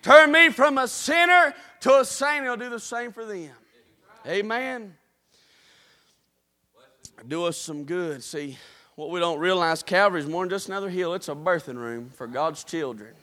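Male preacher, very high and bright, revival fire with shouts and hushes. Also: animated, normal speed. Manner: fervent, rising to shouts then dropping to a murmur. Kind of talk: revival sermon.

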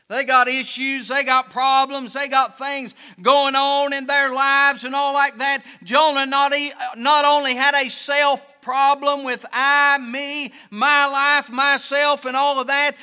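Preacher man, real high bright voice, fiery sermon, church reverb all around. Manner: fervent, dramatic, acts out excuses.

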